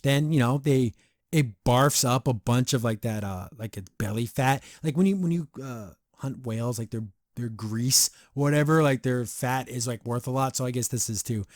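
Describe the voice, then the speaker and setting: A man's voice: medium pitch, normal speed, no room sound. Rambling male podcast host, dry sound. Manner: rambling, filler-heavy, excitable. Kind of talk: casual episode review.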